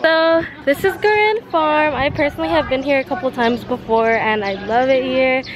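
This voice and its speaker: A woman's voice: high-pitched, normal speed, crowd noise, low-quality recording. A young woman talking casually to a handheld camera while walking outdoors at a farm, full of "like" fillers. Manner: chatty, lots of "like" fillers. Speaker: vlogger. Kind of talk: casual travel vlog narration. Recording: outdoor background noise.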